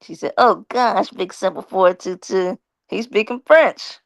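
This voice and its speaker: A woman's voice: medium pitch, a little slow, creaky, no echo. A woman hosting a casual live stream, reading viewer comments aloud in a playful, teasing way and laughing often.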